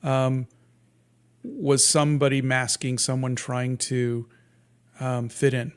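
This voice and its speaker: A man in his fifties, a guest cartoonist talking casually in an interview, in a soft, sleepy-sounding voice with many halting restarts and fillers. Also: mid-range voice, flat delivery, clear, resonant tone. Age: 50s.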